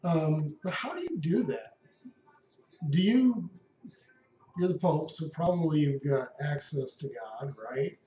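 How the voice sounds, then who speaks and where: A man's voice: fairly high pitch, lively intonation, slow pace, dark tone. A man at home delivering a wry, rambling, profane comic monologue. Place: at home, indoors. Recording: echoey room, dull lo-fi sound.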